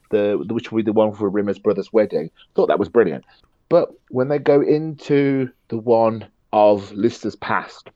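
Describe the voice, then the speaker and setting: A man co-hosting a podcast in casual chat, animated and acting out his own reactions. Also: on the low side, no room sound, muffled recording. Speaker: podcast co-host.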